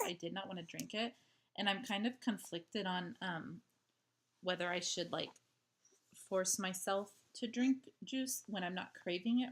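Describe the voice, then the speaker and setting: A woman chatting casually at home in a video diary, rambling with lots of "like" and "um". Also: fairly low pitch. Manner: rambling, full of "like" and "um" fillers. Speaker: vlogger. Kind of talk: casual diary-style chat.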